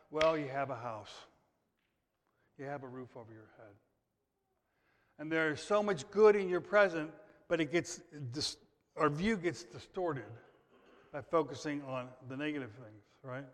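American pastor preaching in a reverberant church. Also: male voice, on the high side, a little slow, pauses often. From United States. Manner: emphatic preaching with repetition and sudden loud rises. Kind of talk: sermon. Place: church sanctuary. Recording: long hall reverb.

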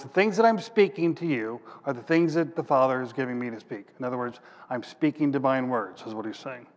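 A man preaching a sermon in a fairly high voice, reading scripture aloud and then explaining it in plain words. He thinks out loud as he hunts for his next passage. His voice trails off into the long reverb of a large hall.

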